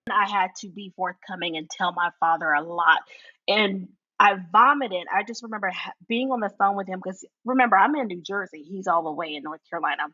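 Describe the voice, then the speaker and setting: A woman telling her own story in an interview, animated and laughing as she recounts it. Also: mid-range voice, fairly quick, muffled recording.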